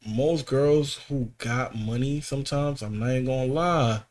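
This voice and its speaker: Podcast co-host, male, mid-pitched, casual and animated, slangy storyteller. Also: moderate pace. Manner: animated storytelling, swearing, slang, voice jumps up when worked up.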